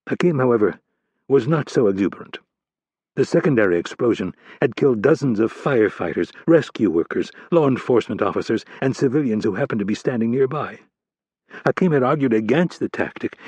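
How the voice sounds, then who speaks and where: A man narrating a thriller audiobook in a measured, steady storytelling voice. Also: fairly low pitch, slightly rough, no room sound.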